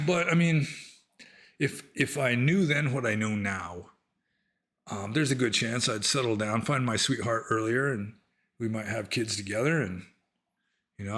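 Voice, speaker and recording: A man's voice: mid-range voice, fairly bright tone. A middle-aged man and former monk, casually answering listener questions in a rambling, conversational way. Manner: rambling, conversational, many fillers. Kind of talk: casual Q&A talk.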